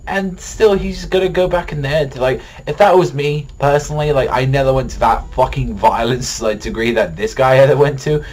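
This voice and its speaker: A man's voice: mid-range voice, normal speed, darkish tone, a little hiss or hum. Profane, rambling young man reviewing manga. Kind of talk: casual video review.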